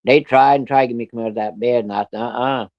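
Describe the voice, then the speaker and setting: A man spins a yarn in a loose, folksy way, swearing freely and using plain country grammar. His voice sits at an ordinary middle pitch. The recording is a little muffled and lo-fi. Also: steady tone, rapid-fire, dry recording. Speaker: storyteller. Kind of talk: casual spoken storytelling.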